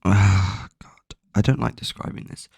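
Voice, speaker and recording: A man's voice: on the low side, steady tone, unhurried, vocal fry, a little mellow, breathy edge, no room sound, studio quality. A man casually recapping a book's plot at home, rambling with lots of fillers and frequent swearing. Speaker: book plot summarizer. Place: at home, bedroom with a cat.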